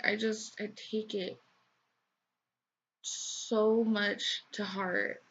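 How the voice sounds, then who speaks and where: A young adult woman vlogger speaking in an emotional, halting way with many pauses, in a personal confessional talk. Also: medium pitch, creaky. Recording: dull lo-fi recording with faint noise.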